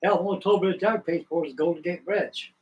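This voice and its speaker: An older man tells stories in a loose, meandering way, full of folksy asides. His voice sits a touch higher than most men's. He is from the American South and is in no hurry. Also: dull audio, background noise. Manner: folksy, rambling, drawn-out reminiscing. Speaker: livestream host. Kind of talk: rambling storytelling chat.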